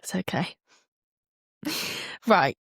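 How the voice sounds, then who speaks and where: A woman co-hosting a podcast in casual chat, chatty and quick to laugh. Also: dry recording, clean studio sound. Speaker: podcast co-host.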